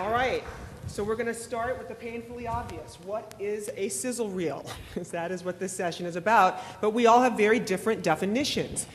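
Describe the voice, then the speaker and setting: A woman's voice: mid-range voice, a little fast. A woman moderating a panel at a conference, upbeat and playful. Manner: upbeat, playful, self-described geek. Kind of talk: lively panel presentation. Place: conference hall with audience. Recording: reverberant hall, crowd noise.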